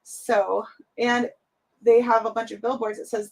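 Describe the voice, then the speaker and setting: A woman's voice: a little high, level tone, a little slow, creaky, poor audio. A young woman hosting a casual craft livestream, chatty and giggly, jumping from topic to topic. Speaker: craft channel host.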